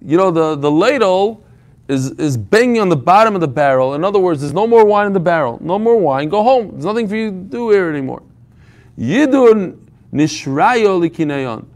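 A man's voice: sits high, lively intonation, moderate pace, darkish tone. A man teaching an informal Talmud class, telling the story with humor and frequent restarts.

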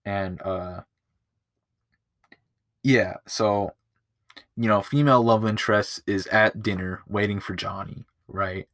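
A man's voice: on the low side, fairly even intonation, takes it slowly, long pauses, a bit bright, no room sound. A man hosting a casual movie-review podcast, rambling and swearing a lot, with plenty of filler words. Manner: rambling and profane, with lots of filler. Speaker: podcast host.

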